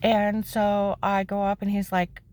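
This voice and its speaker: A woman telling the story of her own life in plain words, emphatic and indignant, her voice climbing high when she is upset. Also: level tone, unhurried, darkish tone, slight background noise. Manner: plain-spoken, with frequent "okay?" asides. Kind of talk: personal testimony, candid storytelling.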